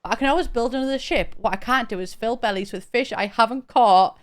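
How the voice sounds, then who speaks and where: A man's voice: very high voice, a little fast, smooth. A woman reading aloud the lines of a shipwrecked male fisherman villager from a cozy game, in a plain read-aloud voice while streaming. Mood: rueful. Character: male fisherman villager who lost his ship.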